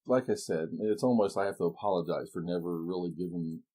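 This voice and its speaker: A man's voice: low voice, dark tone. A man hosting a podcast, chatting in a friendly, amused way with his guest. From southern Ohio. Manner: chatty, amused, quick to laugh along. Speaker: podcast host. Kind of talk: casual interview chat.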